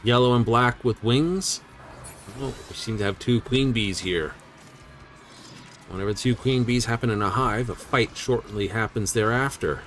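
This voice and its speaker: A man's voice: fairly low pitch, normal speed, a bit bright, faint music behind. A man streaming a video game, rambling and thinking aloud as he studies the map. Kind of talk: casual game-stream commentary.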